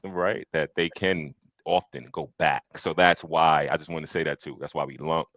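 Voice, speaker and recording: A man hosting a streamed podcast talk, his very low voice forceful and bright-edged. He muses out loud, circling his points with fillers. The sound is dry and a bit dull, like lo-fi stream audio. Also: steady tone, normal speed, no room sound. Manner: reflective, thinks aloud with fillers. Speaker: podcast host. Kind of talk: casual podcast discussion. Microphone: streamed podcast mic.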